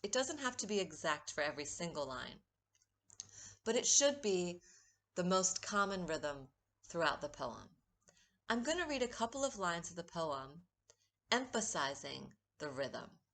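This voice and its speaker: Woman poet, low voice, unhurried, steady teaching read of a recorded poetry lesson. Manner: slow, measured, stresses rhythm when reading verse.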